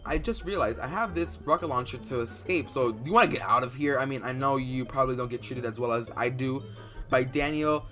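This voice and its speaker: A young man doing dramatic Minecraft role-play commentary, excitable and rambling with fillers, bursting into loud outbursts. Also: mid-range voice, brisk. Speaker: YouTuber playing a bee in Minecraft. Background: faint background music.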